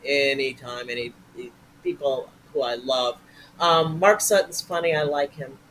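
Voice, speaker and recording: In a mid-range, unhurried voice, a male improv performer chats as an interview guest, animated and full of jokes and praise for his colleagues. The recording is rough, with a little hiss or hum.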